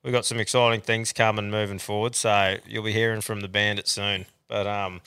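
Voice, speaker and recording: Australian male podcast host, bright tone, crude rambling banter. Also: lowish voice, little pitch movement, fairly quick, smooth. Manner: swears freely, rambling.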